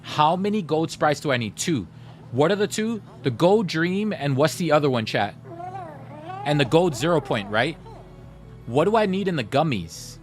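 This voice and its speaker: A man's voice: fairly high pitch, animated, moderate pace, soft background music. A man streaming live, chatting casually with his viewers and telling stories straight to chat. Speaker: gaming livestreamer.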